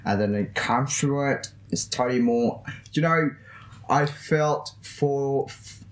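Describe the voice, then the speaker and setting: A young Indonesian student, a man, chatting eagerly in halting English with an Indonesian accent as a guest in a campus interview. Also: mid-range voice, reverberant. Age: young adult. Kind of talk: casual interview chat.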